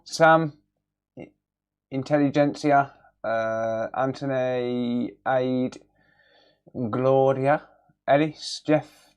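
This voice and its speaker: A man talks at an unhurried pace while he runs a casual livestream from his cluttered home workshop. He is relaxed and jokey as he reads viewer names off the chat and greets each one. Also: mid-range voice, smooth, highs cut off. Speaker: electronics repair livestreamer.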